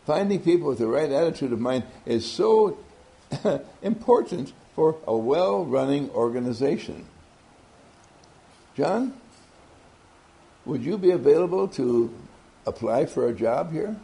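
A man voicing a kindly older male company boss who speaks gently and lovingly. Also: fairly high pitch, sing-song, a little slow, vocal fry, pauses often, heavily acted. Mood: praising. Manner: gentle, warm and praising.

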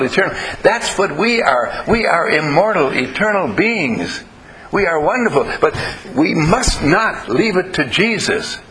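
Animated, bright-voiced man preaching. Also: a little high, rough recording. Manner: animated, playful, acts out voices in anecdotes. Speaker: minister. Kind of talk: lively sermon with storytelling.

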